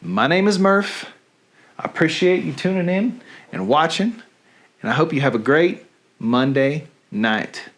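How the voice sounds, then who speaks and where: Male streamer host, high voice, casual and jokey sign-off. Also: sing-song, a little slow, fairly bright tone. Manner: self-mocking and joking.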